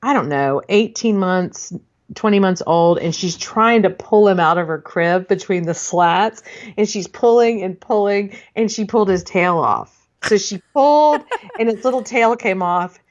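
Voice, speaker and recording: A woman's voice: mid-range voice, a little slow, lo-fi sound. A middle-aged woman, co-hosting a podcast and telling rambling family stories in casual chat. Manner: chatty storyteller, rambling with laughs and restarts. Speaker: podcast co-host.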